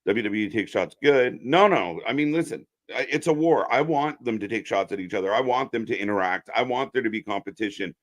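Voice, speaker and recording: A man's voice: fairly low pitch, brisk, hardly any pauses. A man co-hosting a live wrestling watch-along, chatting casually and laughing often. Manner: chatty, laughs often, asks viewers to subscribe.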